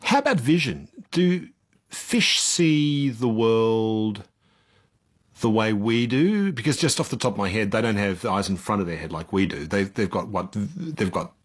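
A man's voice: on the low side, unhurried, husky. A man, hosting a radio interview, reading a scripted intro and then asking curious questions. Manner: inquisitive, lively questioning.

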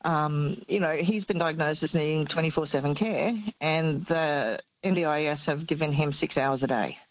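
A middle-aged woman calls in to a radio show for a casual chat, sounding anxious and tired and speaking hesitantly with many fillers and nervous laughs. Her voice sits low and moves at a moderate pace, and the audio is dull.

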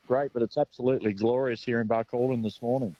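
A man's voice: mid-range voice, steady tone, fast talker, no echo, lo-fi sound. A man with an Australian accent calling in to a radio show, speaking hesitantly with many fillers. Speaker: caller reporting from a charity car rally. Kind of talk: casual phone-in chat.

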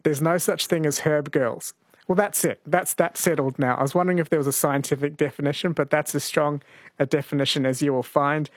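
A man's voice: a little high, steady tone, fairly quick, no echo, clean studio sound. A man, hosting a talkback radio quiz and reading out listener texts in an easygoing way. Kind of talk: late-night talkback radio. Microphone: studio microphone.

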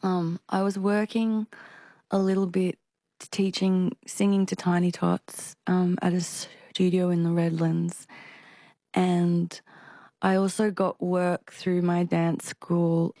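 A young woman with a slightly low voice tells her story in a relaxed interview. Her speech catches and restarts often because of a stutter. The sound is dry and close to the mic. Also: takes it slowly, no echo. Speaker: singer and performer, interview guest. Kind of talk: casual interview conversation.

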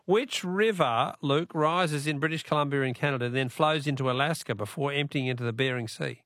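A man's voice: fairly high pitch, fairly quick, a bit bright, dry recording, clean studio sound. An Australian man hosting a talkback radio quiz, chatty and rambling, laughing often between remarks. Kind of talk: casual talkback radio chat.

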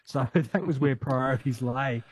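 Witty Australian history storyteller. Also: male voice, mid-range voice, measured pace, husky, no room sound. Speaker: history podcast guest. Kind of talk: casual chat.

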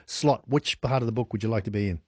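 A man's voice: fairly low pitch, quick pace, breathy edge, dry recording, studio quality. A man hosting a radio quiz, chatty and upbeat, often laughing.

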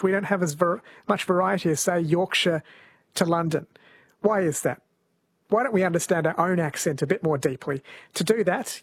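A radio host from New Zealand conducts an interview in a studio, asking curious, chatty questions. His voice is fairly high-pitched with a breathy edge.

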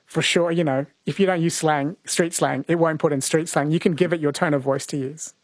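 An Australian man hosts a late-night radio talkback quiz, friendly and chatty. His voice sits a little high, and it is close and dry in the studio. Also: fairly even intonation, fairly quick, dry recording. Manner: friendly, chatty, reads out listener messages.

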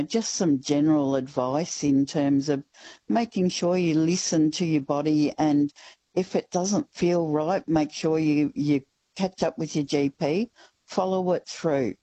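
A woman, a regional newspaper reporter, chatting relaxed on a radio interview with plenty of fillers. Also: deep voice, no room sound, poor audio. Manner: relaxed, rambling, uses fillers.

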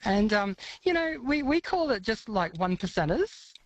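A woman's voice: medium pitch, very animated, moderate pace, no room sound, poor audio. An Australian woman who runs a cafe, chatting enthusiastically in an interview with lots of fillers. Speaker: cafe owner, guest. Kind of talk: casual interview chat.

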